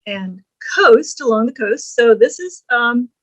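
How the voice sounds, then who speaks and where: In a low-quality recording, a woman with a fairly high, animated, fairly bright voice lectures on English grammar. She reads example lines aloud slowly and deliberately, then explains them with frequent ums and uhs.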